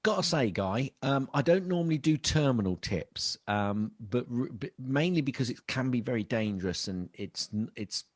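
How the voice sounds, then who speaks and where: A man's voice: mid-range voice, animated, moderate pace, few pauses, no room sound, studio quality. A man co-hosting a tech podcast, chatting casually with lots of ums and jokey asides. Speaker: podcast co-host. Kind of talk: casual chat.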